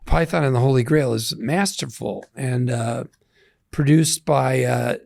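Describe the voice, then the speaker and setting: A man's voice: medium pitch, unhurried, vocal fry, a little mellow, dry recording, studio quality. A man in his sixties, an interview guest, talking in a reflective, rambling, self-deprecating way. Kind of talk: casual interview talk.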